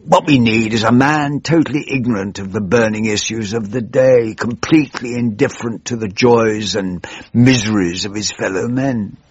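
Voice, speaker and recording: An older man with a husky drawl, voicing a morose elderly party chairman in a radio comedy. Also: fairly low pitch, moderate pace, dry recording. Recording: muffled dry radio recording.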